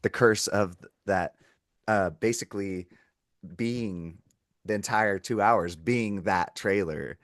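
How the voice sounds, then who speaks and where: A man with a fairly low voice co-hosts a laid-back movie chat. He teases his friend, rolls into quick mocking impressions, and talks over him. The sound is close and dry. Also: no room sound. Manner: teasing, playfully mocks his co-host with quick mimicked quotes. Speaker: podcast co-host. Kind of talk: casual movie-review chat.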